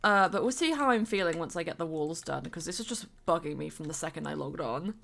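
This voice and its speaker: A woman's voice: sits low, expressive, quick pace, creaky, a bit bright. A woman streamer chatting casually while she builds in a game, rambling on with fillers and bits of humming.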